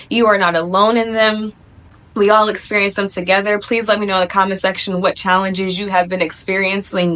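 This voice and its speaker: A woman's voice: medium pitch, fairly bright tone. A woman giving casual spiritual advice straight to her viewers. She is chatty and often ends her points with "right?" or "okay?". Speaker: spiritual YouTuber. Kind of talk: casual motivational talk to camera.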